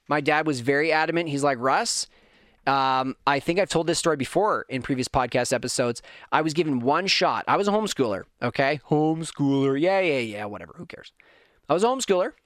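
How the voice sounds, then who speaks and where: A man's voice: fairly high pitch, a bit bright, no echo, studio quality. A middle-aged man hosting his own podcast, rambling through tangents and poking fun at himself. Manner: rambling, self-mocking, lots of tangents. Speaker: podcast host. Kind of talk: casual solo podcast rant.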